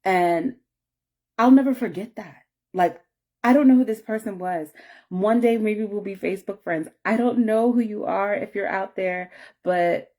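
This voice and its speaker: A woman with a mid-range, dark-toned voice speaks a little slowly. She's a vlogger rambling through an emotional personal story, restarting often, apologizing, and at moments growing tearful.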